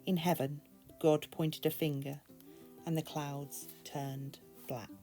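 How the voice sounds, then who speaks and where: A woman's voice: sits low, little pitch movement, takes it slowly, warm tone, faint music behind. British woman reading a novel aloud. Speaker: booktube reader.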